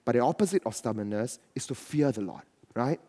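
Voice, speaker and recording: A man's voice: mid-range voice, lively intonation, brisk, dark tone. A man preaching a sermon to his church as pastor, riffing with asides and quoted voices.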